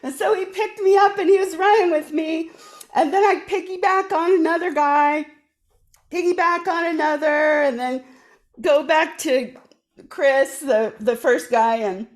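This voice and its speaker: Lively storytelling woman on a video call. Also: sits high. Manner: animated, acts out quoted voices. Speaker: guest performer. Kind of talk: casual storytelling.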